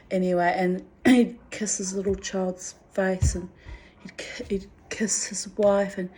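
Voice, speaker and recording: A woman's voice: mid-range voice, level tone, a little slow, a little mellow, slight background noise. A middle-aged woman recounting personal memories in a candid, rambling way. She talks frankly, swears freely and restarts her sentences often. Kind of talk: candid spoken reflection.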